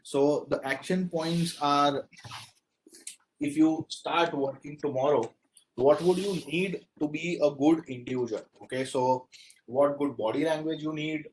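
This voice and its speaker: Indian man lecturing, slightly high voice. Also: a little slow, a little hiss or hum, low-quality recording. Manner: explains with acted example phrases, switches into Hindi. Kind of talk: classroom lecture.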